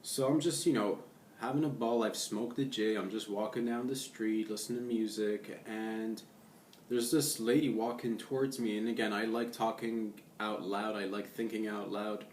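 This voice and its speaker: Easygoing young guy, lowish voice, chatty rambling vlog, heard from a distance with room echo. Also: steady tone, normal speed, a little mellow, slight background noise. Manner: rambling, laid-back, says "man" and "dude" a lot. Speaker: vlogger. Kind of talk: casual monologue. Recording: roomy echo, distant from the mic.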